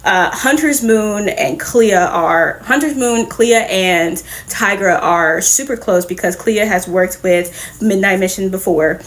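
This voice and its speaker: A woman hosting a casual comic book review, retelling the story in a lively, profane way with quick laughs. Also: medium pitch. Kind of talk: casual recap and reaction.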